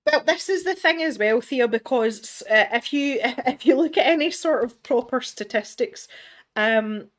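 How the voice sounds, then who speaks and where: A fairly high, expressive female voice at a measured pace belongs to a middle-aged Scottish woman hosting an art livestream from her home studio. She reads out viewer comments in a relaxed, self-deprecating way, often laughing and starting her sentences over.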